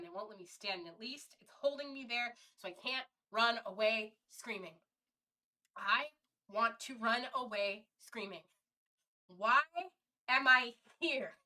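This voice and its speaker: A woman streamer talking through her feelings in a halting, candid monologue, often restarting and swearing freely. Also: mid-range voice, sharp tone.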